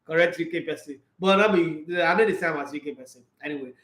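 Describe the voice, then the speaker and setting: A man with a Nigerian accent hosting a casual sports livestream, animated, laughing often and switching between Pidgin and English. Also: fairly high pitch, fast talker, echoey room.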